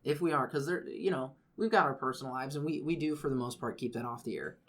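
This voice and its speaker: A man's voice: medium pitch, quick pace. Laid-back man telling stories. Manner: laid-back storyteller, dry humor. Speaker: podcast co-host. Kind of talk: casual chat.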